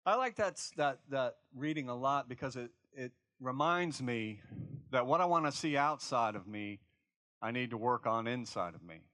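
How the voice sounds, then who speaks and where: A man's voice: mid-range voice, animated, normal speed, pushed and bright, no room sound. A male pastor preaching in an informal, reflective way, often checking in with his listeners. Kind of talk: conversational sermon.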